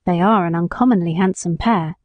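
A woman's voice: fairly low pitch, fairly quick, no room sound, pitched below the performer's own voice, close to an everyday voice. Stern country squire, read by a woman. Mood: earnest. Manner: stern, earnest reproach. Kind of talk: audiobook reading.

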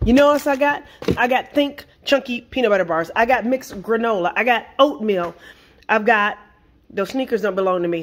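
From her home kitchen, a middle-aged woman records a casual vlog rant in a mid-range voice. She's animated and exasperated, firing off rhetorical questions.

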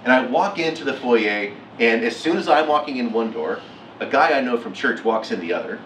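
A man's voice: mid-range voice, fairly quick, slight background noise. Middle-aged guy telling a story on stage, acts out the quotes, echoey hall, mic pretty far off. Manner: animated, acts out quotes with laughs. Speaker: keynote speaker. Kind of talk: storytelling talk. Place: lecture hall.

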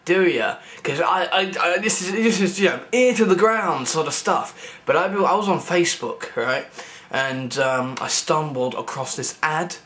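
A man's voice: a little high, expressive, unhurried, fairly bright tone. A young man, rambling and joking through a comic vlog, often restarting his sentences with stammers. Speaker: comedy vlogger.

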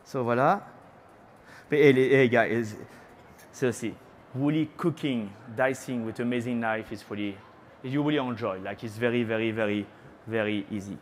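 A man's voice: mid-range voice, normal speed, slight background noise. A middle-aged man with a French accent, a chef giving a live cooking demonstration on a trade-show stage, chatty and playful, teasing the audience and dropping French words into his talk. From France.

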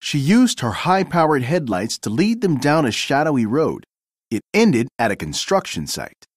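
A man reading a children's storybook aloud, his voice sitting a bit high and swinging widely in pitch. He tells the story in a clear, expressive way. The recording is close and dry. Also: normal speed, no echo. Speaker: narrator.

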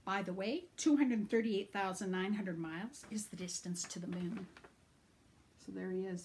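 A woman's voice: mid-range voice, moderate pace, a little mellow, a little hiss or hum. A woman reading a picture book aloud, narrating with animation, pointing out pictures and sometimes dropping to a whisper. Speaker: reader.

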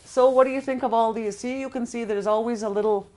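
A middle-aged woman teaching a recorded language lesson, patiently repeating words slowly and explaining step by step. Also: fairly high pitch, fairly even intonation, dark tone, a little hiss or hum.

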